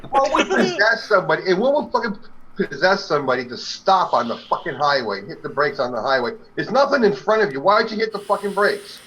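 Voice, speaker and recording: A man's voice: on the high side, sing-song, fairly quick, a bit bright. A man on a live-stream talk show, ranting heatedly and swearing constantly. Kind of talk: profane rant. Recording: dull lo-fi stream audio.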